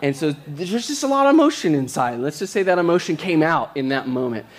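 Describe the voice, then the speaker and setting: Pastor, male, slightly higher voice, chatty storytelling sermon delivery. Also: very animated. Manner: conversational, storytelling with quick asides.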